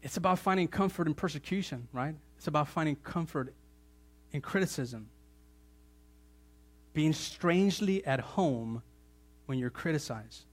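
A man preaching a sermon in church, animated, with joking asides and sudden jumps to a louder, higher voice for emphasis. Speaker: pastor.

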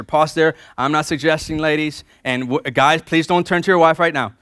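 A male pastor preaching a sermon, swinging between loud emphasis and quiet repetition and leading the congregation in call-and-response. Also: a little high, measured pace, smooth, no room sound, studio quality.

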